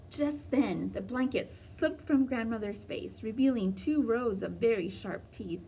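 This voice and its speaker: A woman reading a children's storybook aloud in a slow, expressive way. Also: fairly high pitch, creaky, recorded from a distance, slight background noise.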